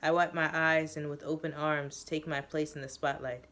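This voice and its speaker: Woman, author reading her own novel aloud, steady storytelling with casual recaps. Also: low voice, normal speed. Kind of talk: dramatic reading with casual asides.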